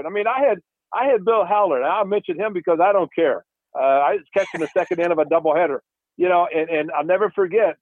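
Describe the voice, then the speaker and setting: His voice is a little high, and the recording is dry, coming through a phone-like radio line. He's a former catcher and baseball broadcaster who trades casual talk on the radio, animatedly reenacting dialogue from old exchanges as he tells stories.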